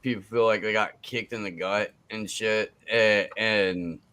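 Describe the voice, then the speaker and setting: A man in casual activist chat who rambles and hedges, with many halting restarts. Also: fairly low pitch, fairly even intonation, pushed and bright, clean tone.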